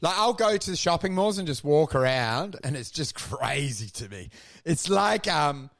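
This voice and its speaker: Comic co-host, bright, tense voice, absurd storyteller. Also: male voice, a little high, sing-song, normal speed, vocal fry. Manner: absurd, self-deprecating storytelling. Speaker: podcast co-host. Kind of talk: comedic podcast rant.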